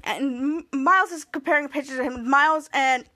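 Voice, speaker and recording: High-voiced woman recapping a show. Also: brisk. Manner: acts out characters' lines with lively voices. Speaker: podcast host. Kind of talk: casual episode recap.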